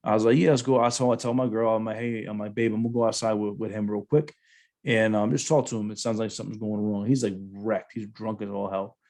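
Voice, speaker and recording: A man's voice: fairly low pitch, fast talker. Casual storytelling man, full of slang. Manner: casual, says bro a lot, animated storytelling. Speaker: podcast host, former Marine sergeant. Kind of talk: casual podcast chat, storytelling.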